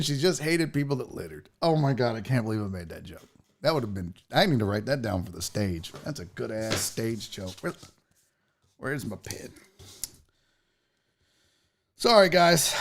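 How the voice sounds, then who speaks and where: A man's voice: mid-range voice, creaky. Profane rambling male show host. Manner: profane, rambling, reads chat aloud. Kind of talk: casual live-show banter.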